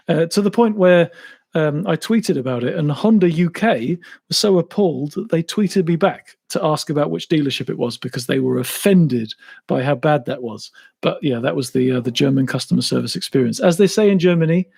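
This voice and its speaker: An English man with a Cambridge-area accent talks through a live stream question-and-answer session. His voice sits a little high for a man, and his tone is loose and jokey. He swears casually and laughs at himself as he goes. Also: animated, normal speed, vocal fry, darkish tone, breathy edge. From England (Cambridge). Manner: chatty, self-mocking, swears casually. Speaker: motorcycle YouTuber answering live Q&A.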